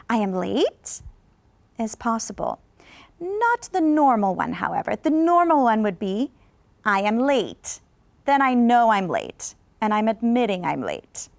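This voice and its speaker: A woman teaching English to learners in a televised lesson, her fairly high voice carrying a gravelly edge. She is patient and encouraging, and she speaks example sentences slowly for the class to repeat. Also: no room sound. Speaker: ESL teacher.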